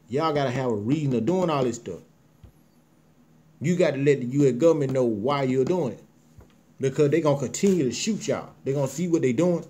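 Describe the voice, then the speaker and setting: A man's voice: mid-range voice, dark tone. A man hosting his show, delivering an emotional, impassioned monologue in a preachy, repetitive way. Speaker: host.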